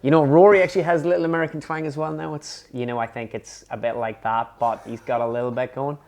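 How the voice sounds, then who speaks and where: Quick chatty irish midlands fella hosting, jokey, mid pitch. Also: male voice, flat delivery, a little mellow. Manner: fast, chatty, joking. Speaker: host, interviewer. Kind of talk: casual interview chat.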